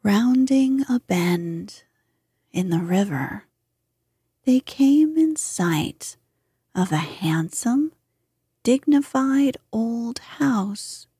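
A woman reading a bedtime story in whispered role-play, with a soft, breathy whisper and a gentle, lulling manner, close to the mic. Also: medium pitch, dry recording. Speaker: sleep story reader.

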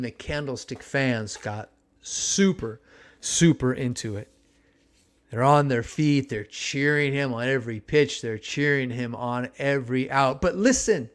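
A man in his fifties from the San Francisco Bay Area, hosting a podcast and telling a nostalgic story in an animated, exclamatory way. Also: mid-range voice, clear, resonant tone. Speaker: podcast host.

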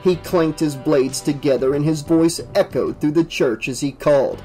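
A man reading a horror novel aloud as an audiobook, in a steady, vivid storytelling manner. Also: on the high side, moderate pace, few pauses, faint music behind, low-quality recording. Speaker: audiobook narrator.

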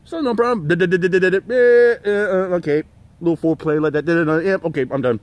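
A man's voice: high voice, fast, no echo. A middle-aged man hosting his own channel, ranting in a profane, rambling way with many fillers and restarts. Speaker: channel host. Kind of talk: rambling livestream rant.

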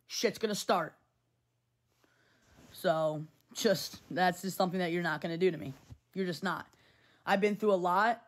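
A woman hosting a phone livestream, talking to her chat in a heated, blunt way, swearing and repeating herself. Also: on the low side. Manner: swears freely. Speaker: livestream host. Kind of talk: casual livestream talk to chat.

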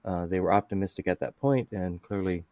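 Brief: man, interview host, low voice, rambling and chuckly, dry and muffled sound. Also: fairly quick, no echo. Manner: rambling, many fillers, chuckles often. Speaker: podcast host. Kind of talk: casual interview chat.

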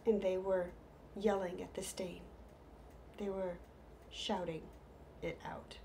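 A middle-aged woman telling humorous stories, lively, with hushed whispered asides. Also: on the low side, takes it slowly, gravelly, slight background noise. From United States. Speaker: storyteller. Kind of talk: humorous stage storytelling.

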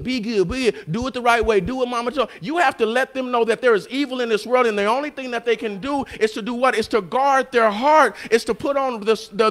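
A male pastor preaching a sermon, telling a story and calling out to the congregation, moving between quiet and loud. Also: very high-pitched. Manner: call-and-response preaching, storytelling, swings from soft to loud.

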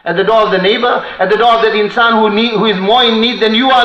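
A man preaching a sermon with passion, breaking into fast Arabic recitation of poetry, recorded in a mosque hall. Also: high voice, a bit bright. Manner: impassioned, quotes Arabic poetry in rapid recitation. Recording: echoey hall.

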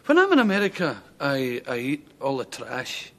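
A man's voice: mid-range voice, wildly swooping pitch, normal speed. A Scottish man, a talk show guest, tells rambling comic anecdotes and chuckles his way through them. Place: TV studio with live audience. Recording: 1970s TV studio with audience laughter and hiss.

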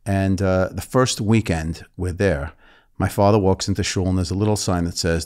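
A man's voice: deep voice, steady tone, normal speed, few pauses, a little mellow. Joking British-born man in his fifties. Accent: New York. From England. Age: 50s. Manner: storytelling, joking, laughs easily. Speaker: guest. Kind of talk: casual interview.

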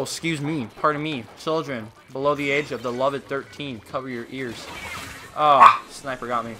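Over music, a gaming streamer delivers casual running commentary in an expressive, mid-range voice at normal speed. He's goofy and playful, with excited, hyped outbursts.

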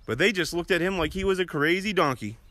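A man giving a children's message at church, telling a story to the children in a gentle, questioning storyteller's way. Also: high-pitched, animated, fast, no room sound. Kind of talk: children's sermon.

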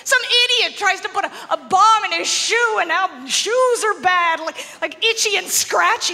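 A woman from Canada doing a stand-up comedy set, animated and laughing often as she acts out little voices. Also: extremely high pitch, moderate pace, few pauses. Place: comedy club stage before a live audience. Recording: live hall recording with crowd noise.

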